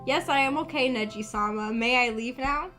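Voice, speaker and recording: Girl reading as a lovesick teen boy, all dramatic, highish voice, music quiet behind. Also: normal speed, lightly acted.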